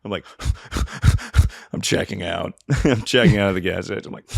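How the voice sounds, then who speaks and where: A man with a fairly low voice tells rambling, self-mocking stories on a comedy podcast, swearing freely as he goes. His voice is recorded close and dry, with no room sound. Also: slow pace, gravelly, dry recording. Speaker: podcast host. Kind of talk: casual comedic storytelling.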